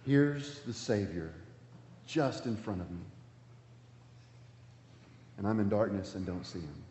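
A man preaching a sermon, with emphatic delivery that swings between loud calls and hushed words. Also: fairly low pitch, expressive, slow pace, slight background noise. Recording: dull, echoey hall sound.

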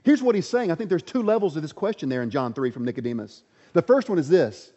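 A man with a slightly high, mellow voice preaches quickly and expressively in a large hall, reading scripture and repeating lines with mounting emphasis. Long hall reverb and a muffled quality color the recording.

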